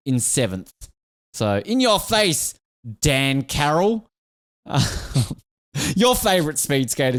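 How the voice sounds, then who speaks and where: On a casual sports podcast, the male host rambles, cracks jokes, and laughs frequently in a medium-pitched voice. The studio sound is clean, with no echo.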